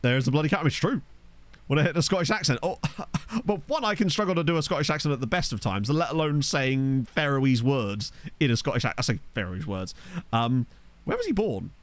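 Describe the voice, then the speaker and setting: A man's voice: on the high side, sing-song, brisk, dry recording. A man giving casual let's-play commentary at a desk microphone, chatty, swearing freely and laughing at his own jokes. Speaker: gaming YouTuber. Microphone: desktop USB microphone.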